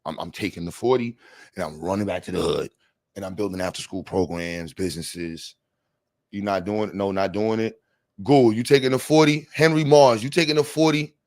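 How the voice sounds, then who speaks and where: A young man hosting a livestream panel, talking in slang, animated and joking, reading the chat aloud. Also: fairly low pitch, normal speed, no room sound. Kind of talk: casual livestream talk. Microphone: streaming mic.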